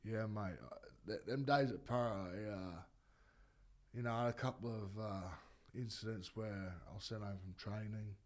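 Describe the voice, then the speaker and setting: Low-pitched Australian man, former rugby league player, casual rambling chat, lots of fillers and swearing. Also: normal speed. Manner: rambling, swears freely, many fillers and restarts.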